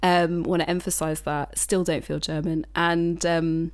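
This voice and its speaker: A woman's voice: fairly low pitch, little pitch movement, measured pace, hardly any pauses. A woman from the United Kingdom, a climate activist guest, chatting casually on a podcast, frank and rambling, swearing freely. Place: indoor recording.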